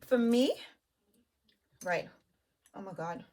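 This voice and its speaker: A woman's voice: mid-range voice, expressive, darkish tone. A woman reviewing perfumes in a chatty way, talking straight to her viewers. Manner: chatty, enthusiastic, addresses viewers as "you guys"; lists notes while smelling, with pauses and restarts. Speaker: beauty vlogger.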